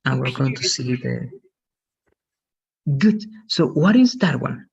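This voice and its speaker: Gravelly man teaching English pronunciation. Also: mid-range voice, expressive, slow, darkish tone, highs cut off. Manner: patient, explains with many "right?" checks. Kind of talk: online pronunciation lesson.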